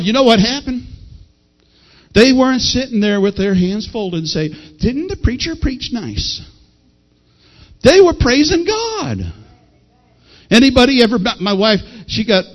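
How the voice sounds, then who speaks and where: A middle-aged male pastor preaching a folksy, animated sermon that rises to shouted peaks. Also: high-pitched. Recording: dull lo-fi sound.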